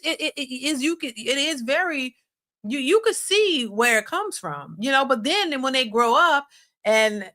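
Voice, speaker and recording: Casting: woman host, high bright voice, emphatic live-stream commentary with frequent restarts. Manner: animated, restarts often, emphatic. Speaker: reaction channel host.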